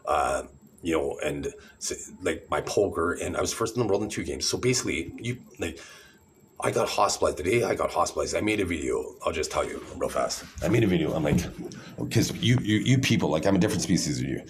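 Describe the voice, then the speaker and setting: Man, very deep voice, rambling sarcastic monologue, lots of fillers. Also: animated, brisk, a little hiss or hum. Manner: sarcastic, condescending, full of fillers and restarts.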